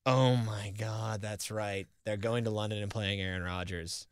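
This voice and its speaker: A man co-hosting a casual sports chat, animated and teasing, who repeats himself. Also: lowish voice, moderate pace, clean tone, no echo, studio quality. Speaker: co-host.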